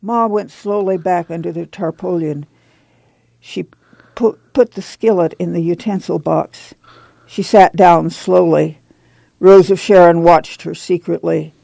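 A woman narrating an audiobook in a calm, even storytelling manner. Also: on the low side, measured pace, vocal fry, dry recording.

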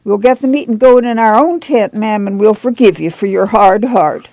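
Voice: normal speed, darkish tone, no room sound, natural voice. A reader voicing an insistent, pious woman from a tent camp, preachy and pleading. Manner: preachy, pleading, rising in pitch.

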